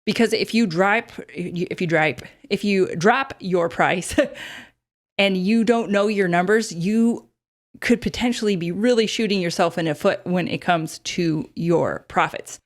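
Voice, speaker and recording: A woman in her thirties talks through advice on a casual podcast. Her voice sits a little low, and she fills her speech with ums and easy laughs. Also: a little slow. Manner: chatty, laughs often, many fillers. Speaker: podcast host.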